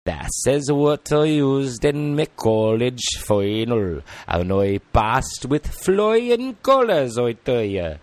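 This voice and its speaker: A man putting on a Welsh accent, telling a rambling story in an animated, sing-song way. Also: medium pitch, slow pace, hardly any pauses, no room sound.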